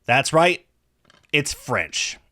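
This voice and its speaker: A man from the United States hosts his own collector video, talking loosely and rambling a little. His voice sits in a middle pitch, and it often jumps up when he gets excited. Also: extremely slow. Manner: rambling, chatty, animated pitch swings. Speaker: video host. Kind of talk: casual collector vlog.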